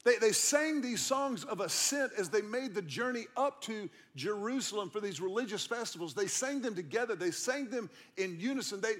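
Man, pastor, middle-aged, high-pitched, conversational sermon, emphatic repetition. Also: fairly bright tone. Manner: conversational storytelling with emphatic repeated lines. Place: church auditorium.

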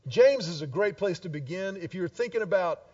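A middle-aged man preaching a sermon as pastor, animated and acting out quoted voices. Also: high voice, fairly quick, recorded from a distance, lo-fi sound.

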